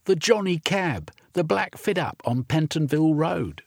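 A man's voice: a little high, expressive, unhurried, gravelly, no room sound, pitched above the performer's own voice, heavily acted. A man voicing a young runaway orphan boy who talks in earnest, ungrammatical street speech. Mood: pleading.

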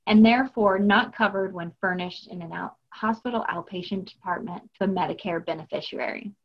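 A woman co-hosting a podcast walks listeners through billing rules in a measured, instructive way. Her voice sits at a middle pitch, and the recording sounds a little dull and lo-fi. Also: husky. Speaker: podcast co-host, billing expert. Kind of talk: scripted explanatory podcast talk.

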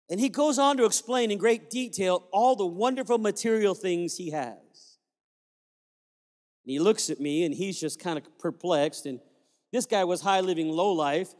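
A man's voice: sits high, a little mellow, in a large hall. A man who is a pastor telling a story in a sermon, acting out the dialogue as he goes.

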